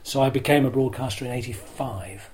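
An older man, a former broadcaster being interviewed, telling self-deprecating stories in a chatty, lively way. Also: mid-range voice, fairly quick, rough recording. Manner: lively storyteller who acts out crowd shouts. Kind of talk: anecdotal interview storytelling.

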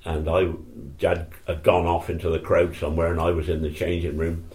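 A man's voice: low-pitched, flat delivery, a little fast, darkish tone. An older man telling old stories in a rambling, self-correcting way during an interview. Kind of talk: reminiscing oral history.

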